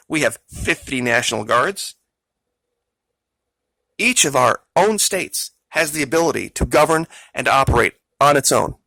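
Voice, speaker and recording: A man's voice: mid-range voice, vocal fry, pushed and bright, no room sound, rough recording. A man hosting his own channel, talking through political commentary in an emphatic, argumentative way and addressing viewers directly. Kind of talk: casual political commentary monologue.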